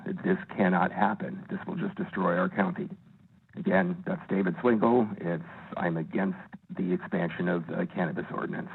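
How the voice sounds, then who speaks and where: Upset male caller from Northern California, very deep and flat, husky, tinny phone line. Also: normal speed. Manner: emphatic and upset, with fillers. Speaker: caller giving public comment. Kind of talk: phoned-in public comment.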